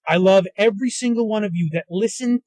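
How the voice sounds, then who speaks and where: Man, podcast host, angry profane rant, high voice, dry close sound, recorded in a car. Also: quick pace, a little mellow, dry recording, rough recording. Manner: agitated, profane, ranting. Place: inside a moving car. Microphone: handheld recorder in a car.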